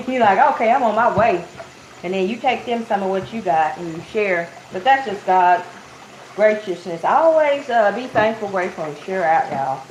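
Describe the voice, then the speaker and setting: A woman with a medium-pitched, slightly mellow voice preaches informally, telling a Bible story as if chatting with friends. She calls the crowd "y'all" and acts out the quotes. The recording is muffled and roomy, with faint hiss.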